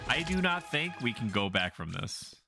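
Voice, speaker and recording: A man's voice: mid-range voice, very animated, normal speed, gravelly, music in the background. Joking young man on a game stream. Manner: joking, reads game lines aloud. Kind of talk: casual game commentary.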